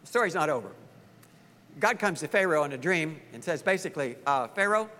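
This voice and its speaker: Animated pastor with a bright voice. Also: male voice, a little high, fairly quick, in a large hall. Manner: animated storytelling, acting out voices of the story's people. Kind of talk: sermon.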